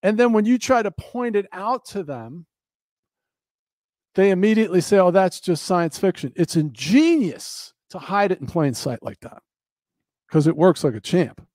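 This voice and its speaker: A man's voice: high voice, sing-song, normal speed, darkish tone, no room sound. A man giving an earnest, preacherly monologue, repeating phrases for emphasis. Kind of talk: impassioned monologue.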